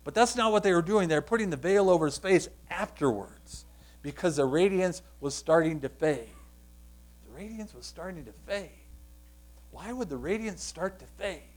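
A man delivering a sermon in a slightly raised voice. He works through scripture with rhetorical questions, dropping to a hush and then building to loud, emphatic lines. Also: on the high side, animated, moderate pace. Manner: earnest, explanatory, asks rhetorical questions; swings between hushed and loud emphatic passages. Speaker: preacher.

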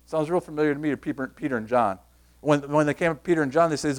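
Guy preaching a sermon, kinda high voice, chatty and emphatic, keeps repeating himself and quizzing the crowd. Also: fast. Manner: conversational, emphatic, repeats key phrases, quizzes the congregation. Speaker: pastor.

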